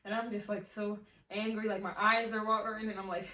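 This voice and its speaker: A woman's voice: medium pitch, level tone, brisk, bright, forceful tone, far from the mic. A teenage girl telling a casual storytime, chatty and full of fillers. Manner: chatty, many fillers, laughs often. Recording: echoey room, mic set back, faint hiss.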